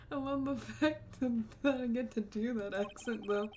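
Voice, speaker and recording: A woman's voice: fairly high pitch, moderate pace, hardly any pauses, darkish tone, a little hiss or hum. A woman giving casual, chatty commentary while playing a game, laughing often. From United States. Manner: giggly, chatty. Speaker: let's play host.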